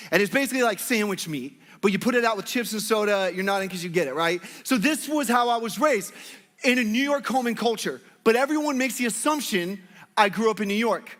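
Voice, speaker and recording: A pastor from Northwest Arkansas, United States, preaches a sermon in a church hall, playfully joking with his congregation. He has a high, expressive, fairly bright voice and speaks at a quick pace, and the recording carries long hall reverb.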